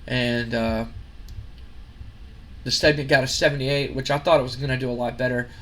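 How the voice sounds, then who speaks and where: A man's voice: mid-range voice, fairly even intonation, normal speed, a bit bright. A man hosting a gaming video, narrating a recap casually with some restarts.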